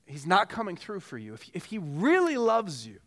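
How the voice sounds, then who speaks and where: A man's voice: high-pitched, wildly swooping pitch, moderate pace, fairly bright tone. A man preaching a sermon as pastor, earnest and pressing with repeated rhetorical questions.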